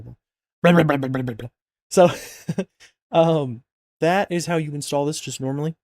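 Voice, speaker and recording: A man's voice: medium pitch, a little mellow, dry recording. A man casually talking through a mod install on a screen recording, rambling and joking with lots of fillers and self-corrections, a bit sleepy. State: yawning, sleepy. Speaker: mod install tutorial narrator.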